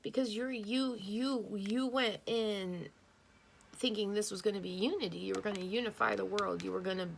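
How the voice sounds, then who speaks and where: A woman's voice: mid-range voice, steady tone, normal speed, gravelly, slight background noise. A woman giving an earnest intuitive tarot reading, speaking straight to the listener, repeating phrases and correcting her own words as she thinks aloud. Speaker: tarot reader.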